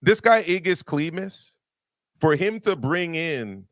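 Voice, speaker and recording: A man with a slightly high, somewhat bright voice hosts a boxing talk show, speaking slowly but with lively intonation and no echo. He argues forcefully in an opinionated, casual way, repeating words as his point builds.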